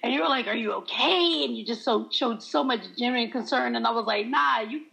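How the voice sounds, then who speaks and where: A woman's voice: on the high side, fairly quick, vocal fry, rough recording. A woman in casual chat, laughing often and acting out quoted lines as she tells stories. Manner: laughs often, animated storytelling.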